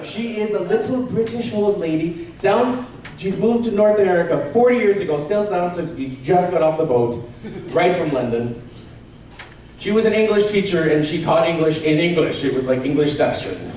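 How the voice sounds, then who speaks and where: A man from Canada doing stand-up, his fairly high voice swinging up and down as he jokes and laughs at himself. He is heard from far off in a big echoey convention hall with audience noise around him. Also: moderate pace. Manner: animated and self-deprecating, often laughing. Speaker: stand-up comedian. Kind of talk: stand-up comedy set.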